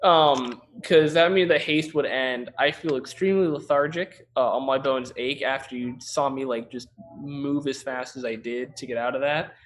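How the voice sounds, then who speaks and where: Man, tabletop player, relaxed casual talk, middle pitch. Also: moderate pace, hardly any pauses.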